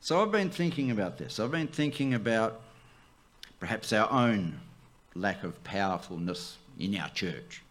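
A man, the church's pastor, preaching a sermon, swooping up high for emphasis and dropping to a near hush. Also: animated, measured pace.

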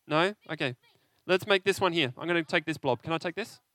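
A man preaching an interactive sermon, animated and conversational, often asking his listeners questions. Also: on the high side, a little fast, no room sound.

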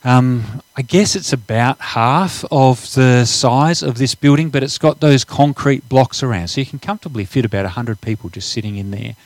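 Middle-aged male pastor, mid pitch, dry close recording, relaxed asides with emphatic scripture reading. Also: normal speed, few pauses, no echo, low-quality recording. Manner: casual asides, reads scripture with rising emphasis. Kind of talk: sermon with slides and Bible reading.

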